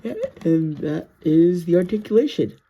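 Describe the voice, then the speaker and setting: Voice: mid-range voice, normal speed, mellow, slight background noise. A sleepy, yawning action figure reviewer talking through a casual toy review in a rambling, self-correcting, apologetic way.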